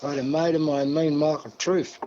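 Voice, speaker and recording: An older man from New South Wales with an Australian accent, telling a long story in a relaxed interview and acting out the dialogue. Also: fairly high pitch, brisk. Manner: yarning, acts out dialogue, many "see?" and "mate". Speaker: guest elder. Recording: dull lo-fi sound.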